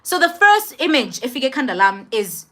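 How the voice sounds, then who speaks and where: A young woman with a South African accent tells a personal story to camera in an animated, emphatic way, switching between languages mid-sentence. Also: high voice, moderate pace. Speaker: vlogger. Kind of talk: storytime monologue.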